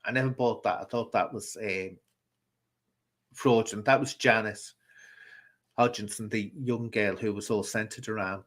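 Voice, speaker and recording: A man from the UK hosts a casual live-stream chat. He talks in a chatty, opinionated and rambling way, stopping to read out comments from viewers. His voice sits at an ordinary middle pitch. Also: fairly bright tone. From United Kingdom.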